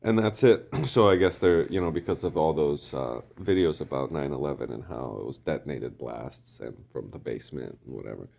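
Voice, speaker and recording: A man rambling through a casual monologue, often clearing his throat and hesitating. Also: extremely low pitch, moderate pace, few pauses, a little mellow.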